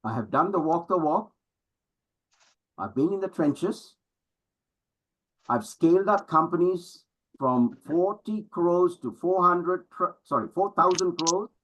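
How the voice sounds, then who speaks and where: A man's voice: sits high, lively intonation, slow, long pauses, fairly bright tone, low-quality recording. A middle-aged man giving an emphatic motivational talk to an audience as a business coach, full of rhetorical questions.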